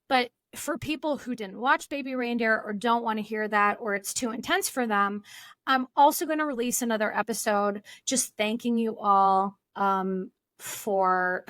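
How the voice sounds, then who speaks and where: Chatty higher-pitched woman podcast host. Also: fairly bright tone, no echo. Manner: casual, chatty, explanatory with fillers. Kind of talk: solo podcast talk.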